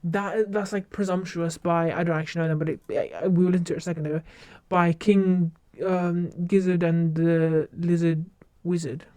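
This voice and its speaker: A woman's voice: lowish voice, flat delivery, moderate pace, few pauses, mellow. A young woman chatting casually on a livestream, rambling along and often restarting her sentences. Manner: rambling, self-interrupting with many restarts. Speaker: streamer.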